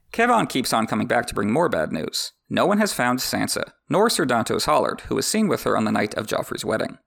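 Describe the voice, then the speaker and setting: Man, podcast host, very gravelly voice, wry commentary, reading and joking. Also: medium pitch, fairly bright tone. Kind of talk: reading a book with comedic commentary.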